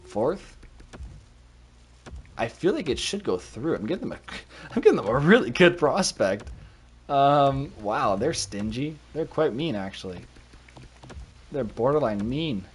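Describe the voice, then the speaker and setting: A man in a casual live stream, chatty and quick to react, thinking out loud as he goes. He sounds like he is at a home setup, speaking at an everyday middle pitch into a covered desk mic. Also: sing-song, a little hiss or hum. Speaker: streamer playing a hockey management game.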